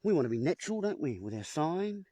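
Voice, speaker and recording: With a slightly high, mellow voice that moves fast and swings in pitch, a man rambles playfully at home in front of a whiteboard. He puns his way through a monologue to the camera facing him, calling everyone "folks," in a dry recording.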